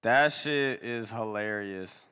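A man's voice: fairly low pitch, takes it slowly, pushed and bright, clean tone, long reverb tail. A young American man hosting a live music review stream, giving blunt, slangy, laid-back feedback. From United States. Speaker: music review show host. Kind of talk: casual live-stream commentary.

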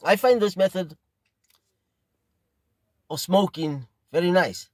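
A middle-aged South African man tells a story in an easy, meandering way, often circling back over his own phrases. His voice sits a little high for a man. The recording is close and dry. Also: no echo. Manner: rambling, unhurried, repeats phrases. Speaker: pipe smoking video host. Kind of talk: casual storytelling.

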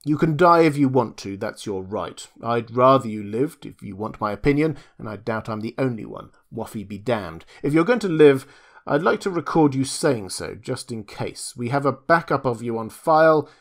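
A man's voice: mid-range voice, expressive, normal speed, natural voice. Man playing a wry, unflappable doctor, dry and firm, audiobook reading.

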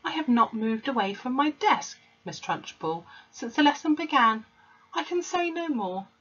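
A brave little schoolgirl, as a woman reads her, calm and measured, lifted a bit higher than the reader's lowish voice. Husky tone, dull lo-fi sound. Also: heavily acted. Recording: dull lo-fi recording.

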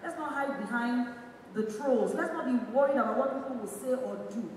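A woman's voice: on the high side, animated, slight background noise. Nigerian woman speaking in an echoey hall. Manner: halting, rambling, with many fillers and restarts. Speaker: bereaved sister giving a tribute. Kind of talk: spoken tribute at a memorial event. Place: large echoey event hall. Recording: echoey hall recorded from far off.

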